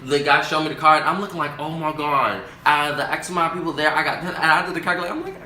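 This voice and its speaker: A young man tells a story to his camera with lots of drama, acting out the voices of the people in it and swinging his pitch up and down. His voice sits fairly high and sounds bright. The room around him is echoey. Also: animated, racing, a little hiss or hum. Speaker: vlogger. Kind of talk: storytime vlog.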